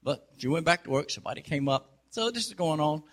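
A man telling a long folksy joke in a casual, unhurried way. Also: a little high, expressive, fairly bright tone. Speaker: storyteller.

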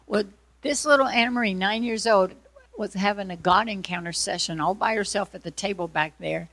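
Gravelly-voiced woman teaching. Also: medium pitch, brisk, no echo. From Georgia, US. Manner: animated storyteller, acts out voices in anecdotes. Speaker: prayer ministry teacher. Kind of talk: teaching a class from a manual.

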